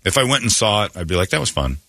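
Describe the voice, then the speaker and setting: A man in casual comedic chat, riffing animatedly and jumping into high mocking voices for bits. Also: big pitch swings, very fast, creaky, pushed and bright, no echo.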